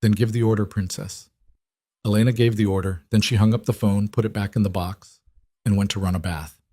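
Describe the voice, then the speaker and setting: Low-voiced male story narrator. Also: fairly even intonation, fairly quick, dark tone, dry recording.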